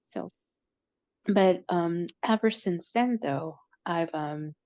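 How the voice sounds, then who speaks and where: A woman telling a personal story in a halting way, with many "like" fillers and moments where she loses her words. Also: on the low side, warm tone, no room sound. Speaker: interviewee recounting a near-death experience.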